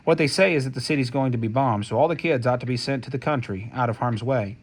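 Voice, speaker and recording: Mean mum, sneery and cold, mid pitch, guy reading it in an audiobook. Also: fast talker, lightly acted. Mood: scornful. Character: harsh cruel working-class mother, middle-aged.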